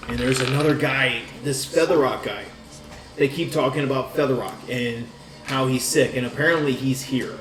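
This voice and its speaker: A man's voice: medium pitch, moderate pace, a bit bright, faint music behind. Casual man running a tabletop game. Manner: casual, coaching players. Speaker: dungeon master. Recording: echoey room, distant mic.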